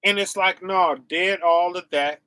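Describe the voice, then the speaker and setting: A man preaches slowly during a casual livestream in a bright, high voice, laughing often and calling out to viewers animatedly. The sound is close and dry, with a clean tone and no room sound.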